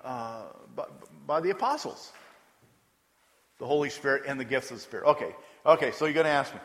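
A man's voice: mid-range voice, expressive, brisk, fairly bright tone. A man preaching a sermon as pastor, talking conversationally and repeating words for emphasis. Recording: long hall reverb.

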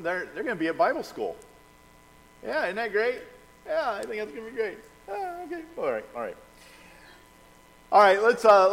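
A man's voice: medium pitch, a little hiss or hum. An older man, a pastor, leading a church service with questions, a prayer and chatty announcements, in a folksy storytelling way. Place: church sanctuary. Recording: long hall reverb.

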